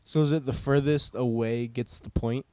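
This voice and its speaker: A young man on a casual podcast cracks jokes and keeps asking about the rules. His voice sits at an ordinary middle pitch for a man. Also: steady tone, normal speed, a little mellow. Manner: jokey, asks a lot of questions. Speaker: podcast co-host. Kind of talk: casual chat.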